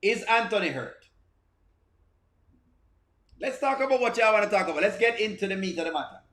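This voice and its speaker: A man with a high, bright voice hosts a live reaction stream. He reads viewer comments aloud, circling back over the same phrases with stammered restarts. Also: expressive, fairly quick.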